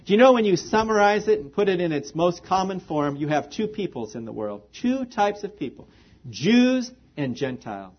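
A man's voice: high-pitched, sing-song, moderate pace. A man preaching a sermon as pastor, earnest and full of rhetorical questions to the congregation. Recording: dull lo-fi recording.

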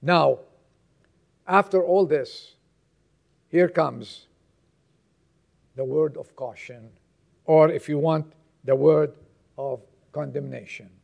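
A man preaching a sermon as pastor, telling stories dramatically and moving between loud exhortation and hushed tones. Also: a little high, slow, gravelly, long pauses.

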